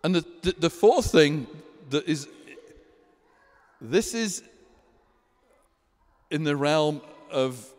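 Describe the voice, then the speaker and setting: A man preaching a sermon as a pastor, lively and animated, acting out scripture scenes. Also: on the high side, slow, long pauses, long reverb tail. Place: church hall.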